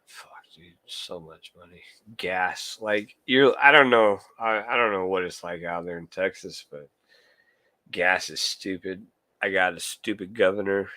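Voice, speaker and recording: A man's voice: sits low, bright, forceful tone, no room sound. A man from California, hosting a casual late-night livestream and chatting loosely with viewers, joking and swearing freely as he talks to them by name. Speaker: livestream host, collector.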